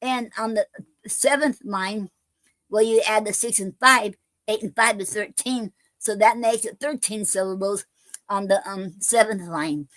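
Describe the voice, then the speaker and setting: A woman hosts a poetry show from a dry, close-miked spot with no room sound. She talks casually and haltingly, full of fillers and restarts, and her pitch sits in the middle for a woman. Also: fairly bright tone, no room sound. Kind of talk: casual live-stream chat.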